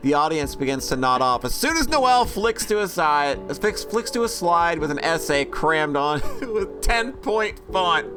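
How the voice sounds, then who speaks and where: A man's voice: a little high, lively intonation, unhurried, music in the background. A man reading and commenting on a visual novel in a chatty, joking way. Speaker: let's play host.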